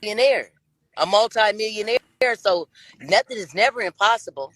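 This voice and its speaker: A woman's voice: mid-range voice, expressive, normal speed, a bit bright, no room sound, poor audio. A self-assured woman in her late fifties talks as a guest on a dating show, drawling and circling back to the same boasts. The sound is close and dry, with no room around it. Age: 50s. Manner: brash, drawling, self-assured, repeats herself. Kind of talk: boastful interview answers.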